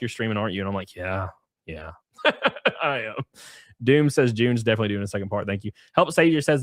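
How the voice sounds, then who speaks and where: A man with an ordinary middle-pitched voice hosts a livestream in loose, profane banter. He rattles through viewer messages and chuckles between them. The sound is dry and close, with no room echo. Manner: rapid banter, chuckles, reads messages aloud. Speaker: livestream host reading viewer donations. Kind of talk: casual profane livestream chat.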